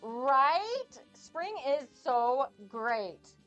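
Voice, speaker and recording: A young woman getting over a cold, chatting excitedly with viewers on her cooking live stream. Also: sits high, extremely slow, lo-fi sound, faint music behind. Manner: bubbly, gushing and excitable. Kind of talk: casual live-stream chat.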